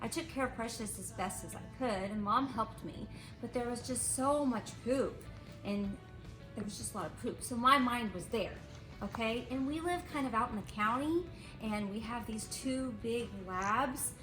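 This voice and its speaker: A middle-aged mother telling a story in a casual vlog, animated and repetitive. Her voice sits a little high. It echoes around the room over faint background music. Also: normal speed.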